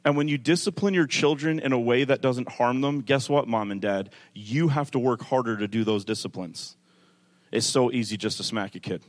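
A male pastor preaching a sermon, moving from calm teaching to rising, emphatic delivery, with conversational asides to the congregation. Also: moderate pace. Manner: builds from calm teaching to loud, high-pitched preaching.

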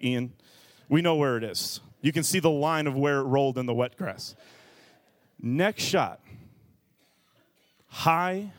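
A man's voice: on the high side, no echo, clean studio sound. A man in his thirties, a pastor telling a funny self-mocking story in a sermon.

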